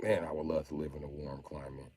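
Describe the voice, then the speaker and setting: A man ranting on a casual livestream, profane and loud, breaking into high mock pleading. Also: level tone, fast talker, breathy edge, no room sound.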